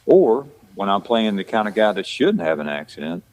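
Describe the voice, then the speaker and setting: A man's voice: fairly low pitch, very animated, moderate pace, a little mellow, poor audio. A man with a Southern country accent, rambling in a casual chat with many restarts and fillers. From rural Georgia, west of Atlanta. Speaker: actor guest.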